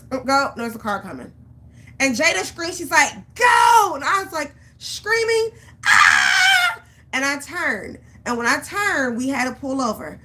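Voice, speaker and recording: Woman, casual vlog pep talk, animated storytelling, repeats phrases, bright. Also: medium pitch, slight background noise. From Georgia, US. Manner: animated storytelling, acts out her own panic. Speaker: vlogger.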